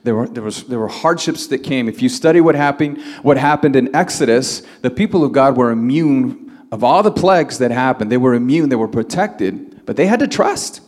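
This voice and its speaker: A man's voice: medium pitch, animated, normal speed, a little mellow, big-room sound. A man preaching a sermon as pastor, stretching out key words and building to emphatic, rising lines.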